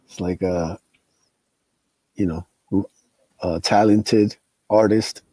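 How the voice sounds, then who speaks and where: A man with a very deep, husky voice chats in a laid-back, agreeable way on a comics podcast. His tone is dark, and the dry sound has no echo. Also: fairly even intonation, slow. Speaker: podcast co-host. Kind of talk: casual chat.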